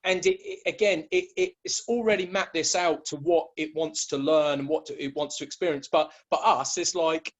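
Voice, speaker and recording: A man talking as a guest in a relaxed conversation. His voice sits a bit higher than most men's, and he wanders through his points with lots of false starts and repeated words. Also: moderate pace, few pauses, poor audio. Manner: rambling, with many restarts and repeated words. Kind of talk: casual conversation.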